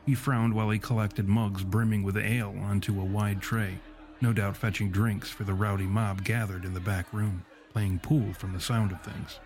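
A man narrating a gritty fantasy story in a steady, measured audiobook delivery. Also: fairly low pitch. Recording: faint music underneath.

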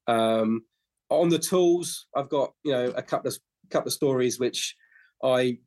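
A man's voice: mid-range voice, a little slow, darkish tone. A man in his fifties or sixties, a podcast guest who tells long, rambling anecdotes with frequent restarts. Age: 50s to 60s. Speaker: podcast guest, flooring business owner. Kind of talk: casual interview storytelling.

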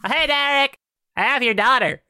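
A man's voice: high-pitched, expressive, rapid-fire, smooth, dry recording, clean studio sound, voice pushed up. A man doing a hearty, jovial young man. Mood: cheerful. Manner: loud, jovial, courteous. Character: cheerful young man, chivalrous and upbeat. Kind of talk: improvised tabletop role-play.

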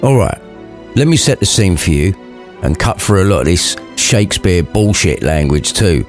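A man's voice: low-pitched, big pitch swings, normal speed, faint music behind. A man retelling a classic story as a crude, irreverent comedy, full of sweary asides.

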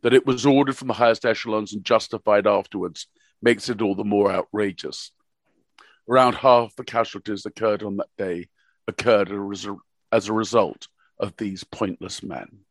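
A man's voice: lowish voice, steady tone, moderate pace, dry recording. A man reading as a stern, indignant congressman. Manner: indignant, accusing. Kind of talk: reading a hearing transcript aloud.

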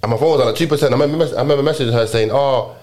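A man's voice: mid-range voice, racing, a little mellow. A young man with a London accent, telling a rambling story in casual chat, full of slang and restarts.

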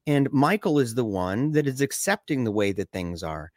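A talkative man on a casual podcast, with a mid-range voice that climbs when he gets excited and sinks low and quiet for grave memories. He stumbles and restarts his sentences often, peppering them with "you know" and "man". The recording is dry and close, with no room echo. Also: moderate pace. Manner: animated, pitch jumps up when excited, drops low and quiet for somber stories. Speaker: podcast co-host discussing a film. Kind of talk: casual conversational discussion.

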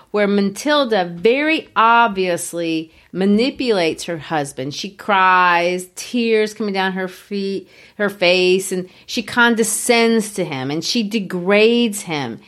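A woman's voice: mid-range voice, fairly bright tone. A woman teaching a literature lesson, analyzing a story in a conversational, emphatic way. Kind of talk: literature lecture.

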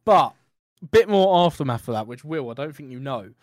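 A man's voice: fairly high pitch, animated, brisk, dry recording, studio quality. A young British man co-hosting a podcast, rambling through an anecdote and laughing as he goes. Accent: British English. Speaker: podcast co-host. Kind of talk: casual chat, rambling anecdote.

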